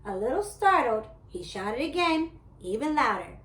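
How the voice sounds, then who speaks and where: Woman storyteller for kids, high and lively, echoey room. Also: normal speed, noisy background. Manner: expressive, animated. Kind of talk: children's story reading. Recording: roomy echo.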